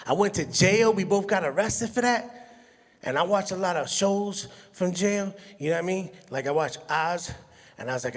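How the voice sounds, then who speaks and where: A stand-up comedian, telling animated stories and laughing at his own jokes. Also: high voice, normal speed. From Brooklyn, New York. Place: comedy stage in a hall. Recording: long hall reverb from a live venue.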